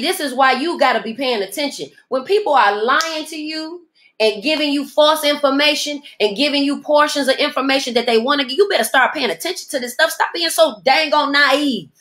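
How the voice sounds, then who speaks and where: A woman's voice: high voice, pushed and bright. A woman hosting a podcast, delivering an emphatic, preachy motivational monologue. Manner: emphatic, preachy, speaks in dialect, mimics others in asides. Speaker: podcast host.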